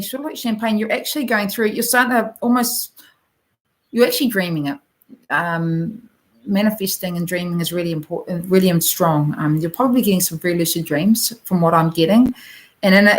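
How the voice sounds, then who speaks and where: A woman's voice: on the low side, rough recording. Encouraging New Zealand woman reading cards. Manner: gentle, encouraging, addresses the viewer directly with many fillers. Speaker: oracle card reader. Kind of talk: live card reading for viewers.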